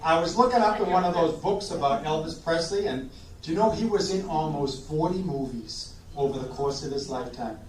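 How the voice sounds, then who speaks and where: In a community room at a senior living residence, a man hosts a live oldies sing-along, joking between songs and coaxing the audience to join in. His voice is fairly high and brisk, with slight background noise, in a roomy, distant live recording with music.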